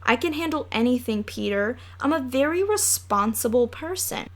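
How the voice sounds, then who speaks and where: A woman's voice: fairly high pitch, animated, moderate pace. A woman voicing a bossy, self-assured preteen girl, talking confidently and persuasively. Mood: indignant.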